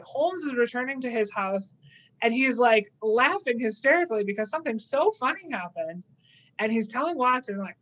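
A woman's voice: a little high, poor audio. A young adult woman in casual chat, animatedly recapping an episode and slipping into playful quoted asides. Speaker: podcast co-host.

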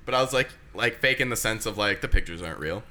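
Bright-voiced young man telling a crude story. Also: on the low side, fast talker. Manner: animated, crude, acts out quoted voices. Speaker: podcast host telling a story. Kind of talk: casual storytelling chat.

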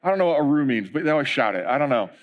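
A middle-aged man preaching a sermon as pastor, conversational and animated, with frequent asides. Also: mid-range voice, rapid-fire, narrow, tinny audio.

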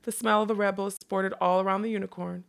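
A woman reading a fantasy novel aloud in an unhurried way, dropping in quick casual asides. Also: medium pitch, flat delivery, gravelly. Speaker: reader.

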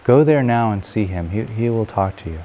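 A man voicing a compassionate elderly wise man who gently directs someone in a told story. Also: lowish voice, expressive, moderate pace, natural voice. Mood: gentle. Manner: gentle, reassuring.

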